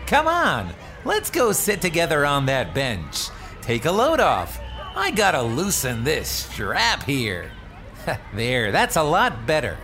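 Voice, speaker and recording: A man voicing a cheerful, kind talking backpack in a children's audio drama, chuckling and swooping in pitch. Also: wildly swooping pitch, slow, sharp tone, faint music behind, a faint crowd, full character voice. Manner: rhyming, bouncy, chuckling, sudden swoops in pitch.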